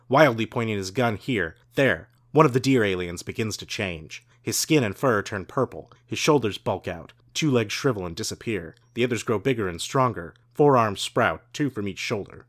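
A man co-hosting a show, reading a story aloud dramatically and playfully with loud sound effects. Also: lowish voice. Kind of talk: comic book reading.

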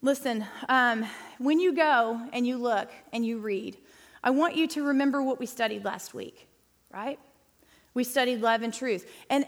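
A woman's voice: on the high side, a bit bright. A woman speaking to a church group in a chatty, emphatic teaching style, often calling the audience guys and y'all. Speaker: women's ministry speaker. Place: church hall. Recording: long hall reverb.

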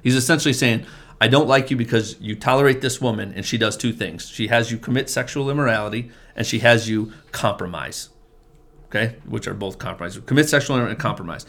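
A man's voice: medium pitch, fast, a bit bright. A middle-aged man, a family pastor, earnestly telling his testimony in casual conversation, often restarting and repeating words. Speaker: family pastor, men's group leader.

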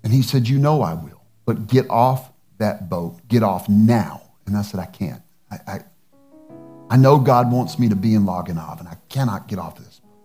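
A man's voice: medium pitch, a little mellow. A male pastor, telling a personal story in a sermon and acting out the dialogue. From United States.

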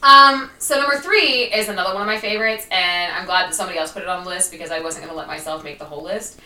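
Woman, podcast co-host, former teacher, chatty, bright voice, roomy echo. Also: fairly low pitch, fast, distant mic, slight background noise. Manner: chatty, many fillers and laughs. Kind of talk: casual podcast chat.

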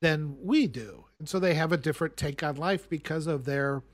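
A man casually chatting about films as a podcast co-host, earnest and explaining at length with halting restarts. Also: a little high, no echo, clean studio sound.

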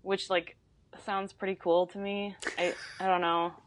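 A woman in her twenties, a podcast guest talking casually, chatty and quick to laugh, with lots of fillers. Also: mid-range voice, level tone, no echo. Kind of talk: casual conversation.

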